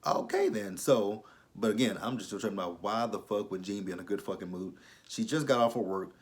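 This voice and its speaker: A man's voice: on the low side, brisk. A man giving a casual, blunt and profane recap of a TV episode, exasperated with the characters. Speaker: TV show reviewer.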